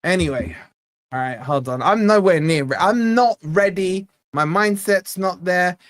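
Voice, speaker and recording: A man's voice: sits high, unhurried, dry recording, clean studio sound. A young man hosting a live football watch-along, bantering with the chat and reading out donation messages in a jokey way. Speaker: fan channel host.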